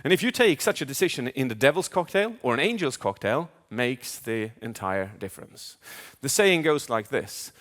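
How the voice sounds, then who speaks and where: A man speaking as a communication coach in a live keynote, animated, asking the audience questions and acting out inner voices. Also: medium pitch, moderate pace. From Sweden. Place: large event hall. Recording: long hall reverb.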